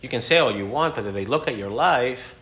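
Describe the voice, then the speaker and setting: A man preaching a sermon as pastor, talking in a lively, conversational way and laughing now and then. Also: medium pitch, fairly quick, echoey room.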